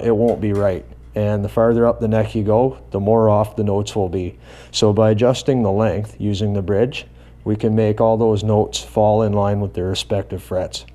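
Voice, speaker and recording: A man with a low, mellow voice walks through a bass guitar setup. He is calm and methodical and explains each step plainly as he works. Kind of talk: hands-on tutorial explanation.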